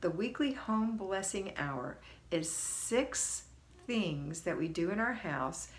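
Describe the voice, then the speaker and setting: A woman's voice: mid-range voice, expressive, takes it slowly, slight background noise. A middle-aged woman hosting a homemaking livestream, greeting viewers by name and coaching in a chatty, folksy, encouraging way. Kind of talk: casual live coaching talk.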